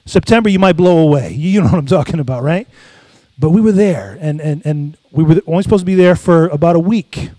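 A middle-aged pastor preaches in a high, light man's voice, pausing to draw amens from the congregation. The sound is close and dry, with no room echo. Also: warm tone. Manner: call-and-response preaching, asks congregation for amens. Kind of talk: sermon with personal stories.

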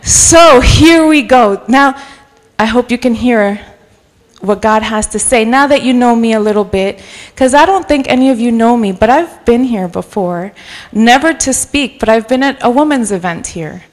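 A woman's voice: a little high, moderate pace. Joking woman preacher, New Jersey accent. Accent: mixed North Jersey. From New York City. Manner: chatty and joking, mixing in Spanish phrases. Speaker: guest preacher. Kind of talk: sermon with personal storytelling. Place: church sanctuary.

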